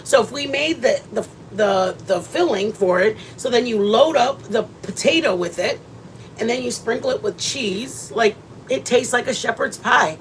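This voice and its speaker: A woman's voice: a little high, animated, moderate pace, slight background noise. Chatty woman on a cooking livestream. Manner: chatty, rambling, talks straight to viewers. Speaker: livestream host. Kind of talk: casual cooking livestream chat.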